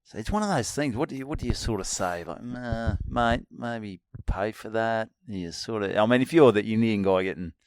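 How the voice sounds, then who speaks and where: An Australian man bantering on a podcast, cutting in with short jokes and asides. His pitch swings lively up and down, and the mic sound is close and dry. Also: no echo. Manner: quick interjections, joking asides. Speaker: podcast co-host. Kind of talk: casual banter.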